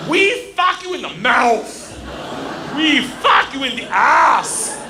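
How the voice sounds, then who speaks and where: A man voicing a crude, menacing Russian gangster who shouts threats, in a roomy club recording. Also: extremely high pitch, very animated, takes it slowly, a crowd in the background, background noise, pitched above the performer's own voice, exaggerated voice. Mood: aggressive.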